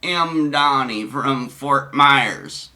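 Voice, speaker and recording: A man voicing a middle-aged man flirting in an online chat, slow and flat. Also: medium pitch, exaggerated voice.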